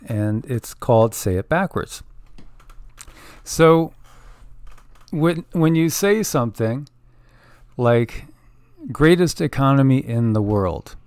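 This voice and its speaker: A man's voice: mid-range voice, darkish tone, dry recording. A man co-hosting a casual online show, chatting easily with viewers and laughing often. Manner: easygoing, laughs often, thinks aloud. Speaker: channel co-host.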